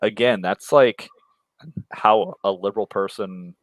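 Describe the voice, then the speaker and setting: Deep-voiced blunt man chatting casually. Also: measured pace, no echo. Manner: blunt, profane, mocking voices when quoting. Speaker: co-host. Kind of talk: casual livestream chat.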